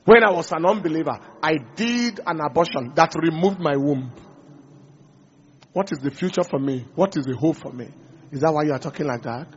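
A man's voice: on the high side, moderate pace, muffled recording, slight background noise, voice pushed down, lightly acted. A man voicing a despairing woman who cannot bear children, pleading and self-pitying in a sermon.

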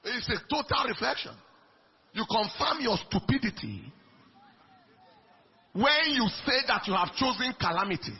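A man preaching a sermon in an emphatic way, swinging between soft lines and shouted ones. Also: very high-pitched, very animated, a little slow, pauses often. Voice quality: raspy, gravelly. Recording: dull lo-fi recording.

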